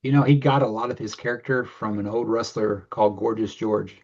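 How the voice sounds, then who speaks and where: A man's voice: on the low side, fairly even intonation, fairly quick, a little mellow, dull audio. A man co-hosting a casual podcast, talking in a rambling way and restarting his thoughts. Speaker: podcast co-host. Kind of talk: casual chat.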